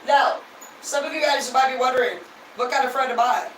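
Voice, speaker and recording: Having had a few drinks, this livestream host chats loosely with her audience, gushing, rambling and cursing freely. She has a high, steady, somewhat bright voice and talks a little fast, recorded from a distance in a roomy space with faint ambience and a bit of hiss or hum.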